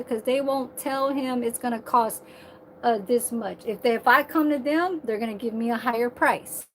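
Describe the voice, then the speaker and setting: Woman, 30s, livestream vlogger; higher voice, heated and profane ranting, faint hiss behind. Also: normal speed.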